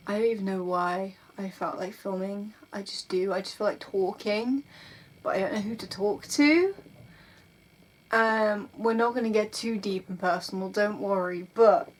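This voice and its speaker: A young woman in her twenties films herself on an airbed in her bedroom, talking at an unhurried, drawn-out pace. She rambles and mocks herself, laughing often, with a burnt-out, teary edge to her mid-pitched voice. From England. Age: 20s. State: burnt out, tearful. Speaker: vlogger. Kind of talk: casual confessional vlog.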